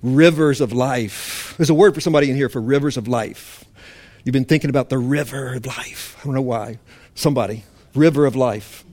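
A man preaching a sermon to a congregation with impassioned emphasis that drops to hushed intensity. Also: medium pitch, a little fast. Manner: mock-indignant voice for a legalist's complaint.

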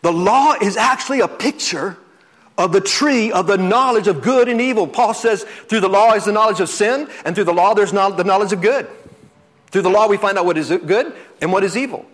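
Male pastor, fairly high voice, earnest sermon delivery that drops to soft, drawn-out lines. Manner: earnest, repeats words, swings from loud to soft and slow. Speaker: preacher.

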